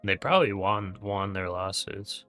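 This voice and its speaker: A man's voice: sits low, normal speed, pushed and bright, soft background music. A man hosting a live day trading stream, chatting casually and thinking aloud with fillers and restarts. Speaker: day trading livestream host.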